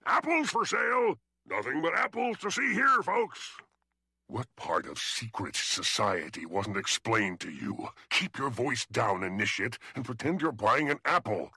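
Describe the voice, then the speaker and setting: An actor playing a sly male apple vendor who works for a secret society, hawking loudly and then dropping to a hushed, conspiratorial tone. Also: medium pitch, very animated, unhurried, gravelly, husky, no echo, clean studio sound, full character voice. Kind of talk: video game character dialogue.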